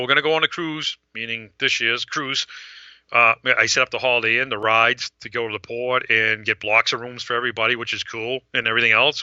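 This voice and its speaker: A man with a very bright, sharp voice tells a long, rambling story, acting out the other people's lines as he goes. His voice is recorded close and dry, with a dull, lo-fi sound. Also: medium pitch, smooth, dry recording. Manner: rambling, animated retelling with quoted dialogue. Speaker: fan event organizer. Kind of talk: casual storytelling on a podcast.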